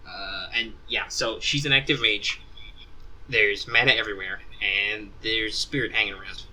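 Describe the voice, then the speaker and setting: Bright-voiced male game master. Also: lowish voice, moderate pace, rough recording. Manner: rambling, many ums and asides. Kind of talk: narrating a tabletop game.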